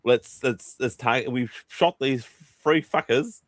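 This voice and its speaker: A man's voice: mid-range voice, measured pace, no echo, studio quality. A man with a New Zealand accent hosting a casual livestream chat, rambling and swearing freely. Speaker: host.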